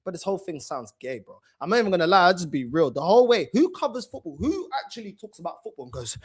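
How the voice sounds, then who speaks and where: A man's voice: sits high, a little fast, slightly rough. A man hosting a fan channel and mocking a video in heated, slangy reaction commentary. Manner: mocking, loud and animated, slangy, repeats "bro".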